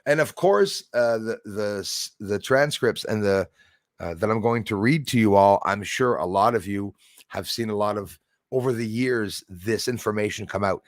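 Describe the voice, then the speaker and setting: A man's voice: lowish voice, normal speed, no room sound, clean studio sound. A man hosting a casual live stream, greeting viewers by name and rambling with jokey asides. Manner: rambling with many fillers and restarts.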